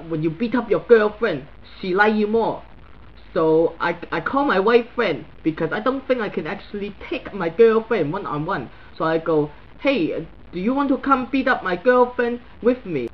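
A man's voice: high-pitched, highs cut off. A man doing a crude Chinese guy with a heavy ranting style. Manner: broken English, crude and blunt, stuttering repeats. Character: crude, blunt middle-aged Chinese man, new to social media. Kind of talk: comedic character monologue.

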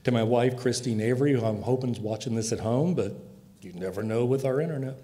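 A man's voice: mid-range voice, brisk, mellow. A man giving an acceptance speech, wry and grateful. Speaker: award winner.

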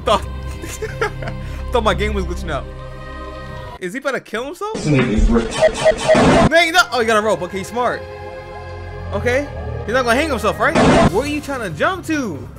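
A man hosting a gaming channel, giving excited let's-play commentary full of slangy banter and loud outbursts. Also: high voice. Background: game music.

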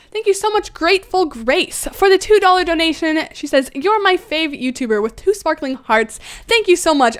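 A young woman with a high, bright-pitched voice, chatting casually on a game livestream. She giggles often and thinks aloud as she plays, and her talk is loose and chatty.

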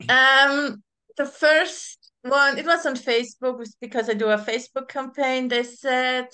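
Bright, clear-voiced woman interviewer. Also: high voice, fairly even intonation. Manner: halting, restarts while searching for words. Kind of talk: casual interview.

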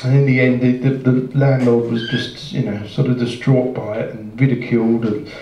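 A man's voice: mid-range voice, little pitch movement, normal speed, mellow, slight background noise. A man telling a long joke on a club stage, rambling, restarting and chuckling as he goes. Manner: rambling, self-interrupting, chuckling. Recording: roomy, distant, dull live club sound.

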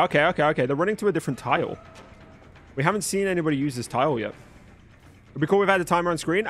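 A young man live-streaming a game, chatting with viewers in an animated, swearing, playful way. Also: fairly high pitch, slight background noise. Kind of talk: live stream commentary and chat.

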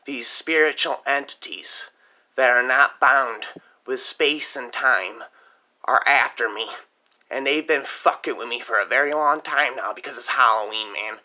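A woman's voice: extremely low pitch, sharp tone, full character voice. A woman playing a paranoid young stoner farmhand in a comedic story-time monologue, rambling, swearing and ending lines with "man". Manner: rambling, repeats "man" constantly, swears often.

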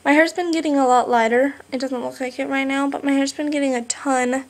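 A woman's voice: high-pitched, steady tone, a little fast. A seventeen-year-old girl vlogging at home on a laptop mic, bubbly and rambling, full of "like". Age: teen. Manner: bubbly, chatty, rambling with lots of "like". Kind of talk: casual vlog chat.

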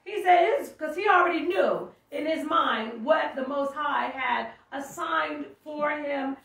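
A woman with a high voice preaches a sermon, reading scripture aloud and breaking off to explain it. She often calls out with force. She is heard from a distance in a room with a lot of echo. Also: slow, a bit bright. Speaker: teacher. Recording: echoey room, mic far off.

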